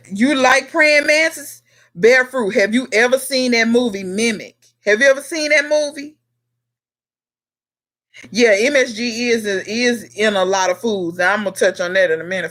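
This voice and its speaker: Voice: medium pitch, a bit bright. A home gardener hosting a casual live question-and-answer stream, chatting straight to viewers by name and scolding them in a teasing way. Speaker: livestream host and home gardener.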